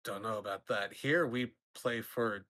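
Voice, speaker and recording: A man voicing a sly male orc gambler who talks smoothly and persuasively in a tabletop game. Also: on the low side, a little slow, bright, forceful tone. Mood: coaxing.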